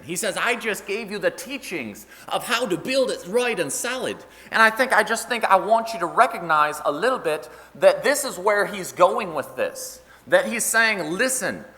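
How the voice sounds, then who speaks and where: A man delivers an earnest, conversational sermon, his voice bright and fairly high for a man. The sound rings with the long reverb of a church hall. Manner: earnest, conversational preaching with scripture quotes. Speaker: pastor. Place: church sanctuary.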